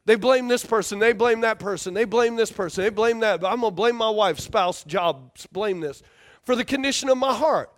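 A man's voice: sits high, normal speed. A man preaching a sermon as a pastor, emphatic and repetitive, often asking the congregation for responses.

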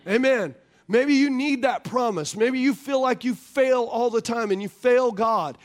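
A man's voice: very high voice, measured pace. A man preaching as a pastor, joking and laughing often, on a wireless stage mic in a church. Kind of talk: sermon.

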